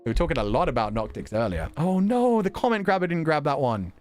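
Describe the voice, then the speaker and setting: A young man chatting casually on a stream, talking fast and laughing often. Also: on the high side, soft background music. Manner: animated, quick talker who laughs often. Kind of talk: casual chat.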